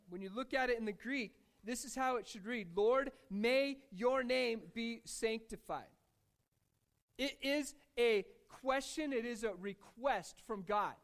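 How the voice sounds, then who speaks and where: High-voiced man preaching to a congregation. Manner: casual, conversational preaching with fillers; jokes with and engages the congregation. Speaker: pastor. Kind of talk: sermon. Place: church in front of a congregation.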